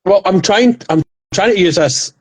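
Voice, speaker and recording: A man in his thirties, a podcast co-host, retelling comedy skits in a rambling, animated casual chat. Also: high-pitched, moderate pace.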